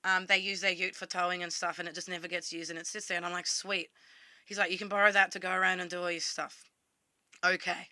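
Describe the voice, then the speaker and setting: A woman's voice: lowish voice, level tone, fast talker, pushed and bright, dry recording. An Australian woman telling a personal story to camera in a blunt, casual way, swearing freely and acting out what she said to herself. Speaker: vlogger.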